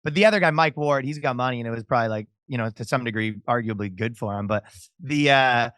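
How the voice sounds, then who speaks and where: Bright, laughing young-sounding Canadian man. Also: mid-range voice, fast, dry recording, studio quality. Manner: rambling, laughs often, trails off and restarts. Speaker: comedian guest. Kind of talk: casual podcast chat.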